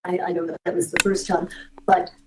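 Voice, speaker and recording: A woman testifying as a witness in court, answering in halting, hesitant phrases. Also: lowish voice, little pitch movement, noisy background. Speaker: expert witness. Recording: distant courtroom audio.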